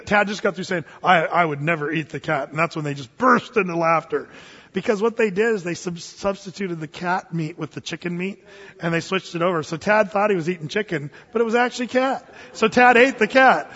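A high-voiced man preaches a sermon, spinning a funny story with restarts and sudden loud bursts. His voice rings with long reverb through a hall. The sound is dull and muffled. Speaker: pastor.

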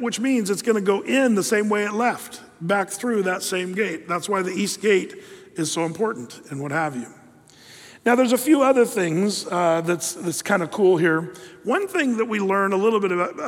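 A man preaching a sermon as pastor, in a loose conversational way with fillers and asides. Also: high-pitched. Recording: long hall reverb.

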